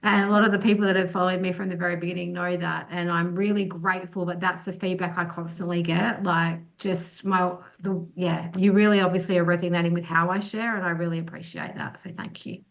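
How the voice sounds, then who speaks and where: A woman's voice: lowish voice, little pitch movement, a little fast, gravelly, hardly any pauses, muffled recording. Earnest young woman leading breathwork. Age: young adult. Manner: earnest, affirming, many restarts. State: losing her voice. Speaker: breathwork facilitator. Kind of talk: online group session talk.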